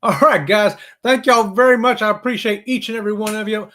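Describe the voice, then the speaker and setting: A man's voice: high voice, steady tone, brisk, over loud music. A man hosting a casual live stream, rambling and chuckling as he talks to viewers by name.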